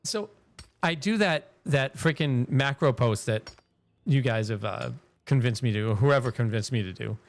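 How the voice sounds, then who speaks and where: A man's voice: medium pitch, moderate pace. Rambling man streaming a game. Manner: rambling, swears freely, laughs often. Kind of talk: casual live-stream commentary.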